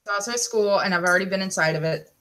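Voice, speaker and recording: Chatty woman, mid-pitched voice. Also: very fast, fairly bright tone. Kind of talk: casual chat.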